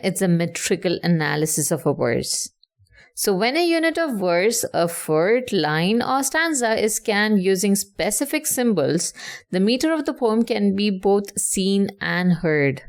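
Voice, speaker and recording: A woman teaching a lesson, explaining clearly and patiently and stressing syllables to show rhythm. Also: mid-range voice.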